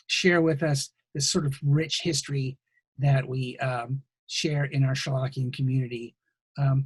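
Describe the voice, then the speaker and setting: A man hosting a podcast interview over a video call, talking casually with lots of ums and pauses. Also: a little high, breathy edge, dry recording. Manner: hesitant, many ums, warm thanks. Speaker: podcast host.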